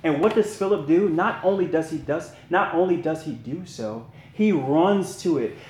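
A man's voice: fairly high pitch, lively intonation, normal speed, darkish tone, echoey room. A man leading a men's Bible study, preaching earnestly in a conversational way and asking his listeners to respond. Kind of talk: sermon.

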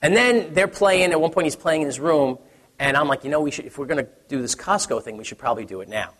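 A man in his thirties gives a sermon in a relaxed storytelling manner, often restarting his sentences. His voice is a bit higher than most men's and husky. The sound carries a long reverb from a large hall. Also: fast talker. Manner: conversational storytelling with many restarts, acts out his son's excited voice. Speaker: pastor.

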